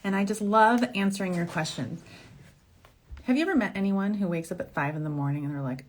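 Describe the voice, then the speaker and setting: A woman's voice: medium pitch, animated, brisk, poor audio. A woman doctor hosting a question-and-answer show, talking casually and effusively to camera, laughing often. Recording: audible background noise.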